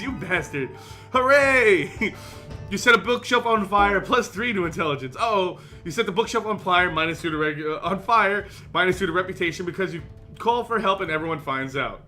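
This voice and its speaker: High, bright-voiced let's play host. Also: male voice, expressive, brisk, faint music behind. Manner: playful, hammy dramatic reading with laughs. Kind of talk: gameplay commentary, reading game text aloud.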